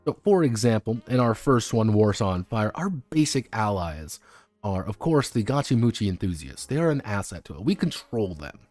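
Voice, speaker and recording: Rambling man streaming with lively delivery. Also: fairly low pitch, moderate pace, dry recording, soft background music. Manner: rambling, stumbles and restarts, swears offhandedly. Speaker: streamer reviewing tabletop games. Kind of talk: casual livestream commentary.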